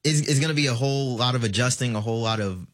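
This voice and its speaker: A man's voice: medium pitch, fast. A man in his late teens, a graduating student, answering radio interview questions hesitantly with fillers and restarts.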